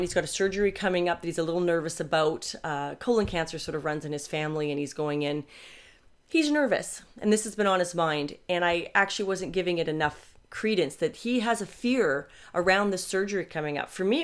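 Reflective woman podcaster in her fifties. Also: lowish voice. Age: 50s. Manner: candid, reflective, frequent self-corrections. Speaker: podcaster and coach. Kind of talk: personal podcast monologue.

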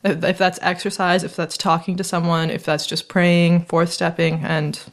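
A woman chatting casually on a recovery podcast, telling stories in an animated way and laughing often. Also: on the low side, normal speed.

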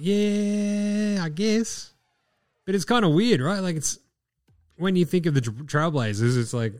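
A man's voice: medium pitch, a little mellow, no room sound. Australian man, podcast host, casual swearing banter, dry close sound, faint music behind. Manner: laid-back, swearing, jokey asides. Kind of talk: casual chat.

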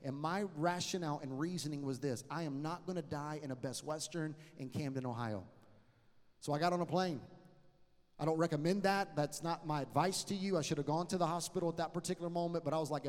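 Male preacher, fairly high voice, joking storyteller, long hall reverb. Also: quick pace. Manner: lively, joking, acts out dialogue. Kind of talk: sermon with storytelling.

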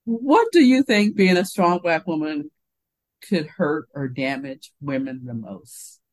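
A woman's voice: sits low, slow, poor audio. An older woman co-hosting a casual chat, telling a story from her working life and acting out the people in it. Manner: animated storyteller, acts out quoted voices. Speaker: podcast co-host.

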